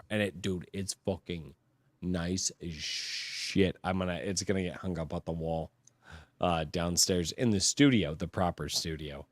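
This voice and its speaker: Male podcast host, excitable storyteller with salty language, tired, dry close recording. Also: on the high side, measured pace, dry recording. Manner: excitable storyteller, heavy swearing. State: tired from a long sleepless day. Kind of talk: casual chat.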